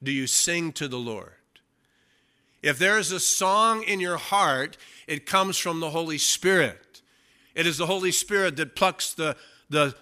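Bright-voiced man preaching with emphasis. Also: on the high side. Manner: emphatic, slows down to stress key phrases. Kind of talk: sermon with Bible reading.

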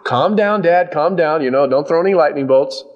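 A man voicing a laid-back Jesus coaxing an angry Father to calm down. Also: fairly high pitch, moderate pace, dull audio, close to an everyday voice. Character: casual male Jesus pleading with an angry Father.

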